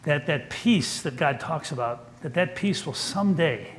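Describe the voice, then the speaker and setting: An older man preaching a sermon as pastor in a church, telling stories in a gentle, folksy, earnest way. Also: fairly high pitch, animated, unhurried, slight background noise.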